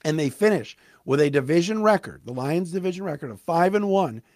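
Male sports podcast host, slightly raised pitch, emphatic fan energy, dry close mic. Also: brisk, dry recording. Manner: animated, emphatic, fan-like commentary with asides. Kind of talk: solo sports talk recap.

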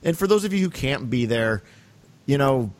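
A man's voice: mid-range voice, lively intonation, moderate pace. A man, co-hosting a podcast in casual chat, enthusiastic and rambling with many restarts. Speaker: podcast co-host.

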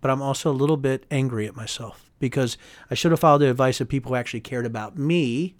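Emphatic, fast-talking man in an interview. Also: medium pitch, dry recording. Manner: fast, emphatic and heated, many tag questions. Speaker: guest, former congressman. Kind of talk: candid political interview.

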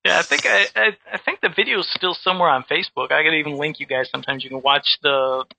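A man telling a story in casual chat, animated, with many restarts and repeated words. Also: a little high, quick pace, creaky, no room sound, poor audio. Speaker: guest who makes custom action figures.

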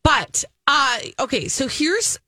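A woman co-hosting a morning radio show, chatting casually with animated, teasing build-ups and lots of fillers. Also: high voice, slow pace, dry recording. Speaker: radio co-host.

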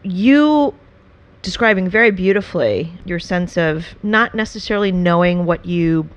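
A woman interview host who grew up in the American suburbs, asking questions and reacting with quick interjections. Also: on the low side, animated. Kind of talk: casual conversational interview.

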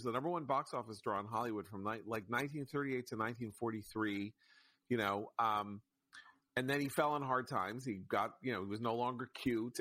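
A man's voice: on the low side, a bit bright, no room sound. A man co-hosting a casual podcast chat, rambling through his thoughts and laughing easily. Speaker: podcast co-host.

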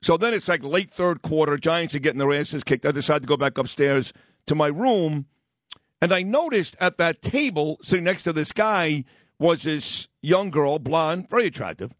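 A man's voice: a little high, moderate pace, no echo. A middle-aged man, a radio host telling a story and talking sports in a casual, wisecracking way. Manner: animated, wisecracking, acts out others in quoted voices.

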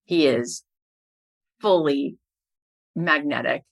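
A middle-aged woman telling a story in a lively way as a guest in a conversation. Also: deep voice, slow, vocal fry. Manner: animated storyteller, builds to points.

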